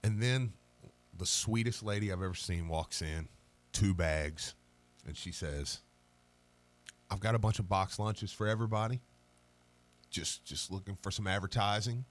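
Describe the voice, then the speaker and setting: A man's voice: fairly low pitch, measured pace, pauses often. A man co-hosting a sports radio show in a studio, telling stories in casual banter and laughing as he goes. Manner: animated, laughing storyteller. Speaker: radio co-host.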